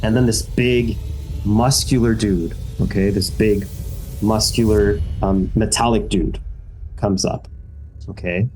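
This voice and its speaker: Lowish guy running a tabletop game, lots of "um" and "right?", music faint behind. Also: slow, poor audio. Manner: energetic storytelling with fillers. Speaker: game master.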